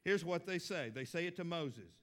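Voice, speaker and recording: A man's voice: a little high, animated, normal speed. A middle-aged man preaching a sermon as a pastor, folksy and conversational with emphatic stresses.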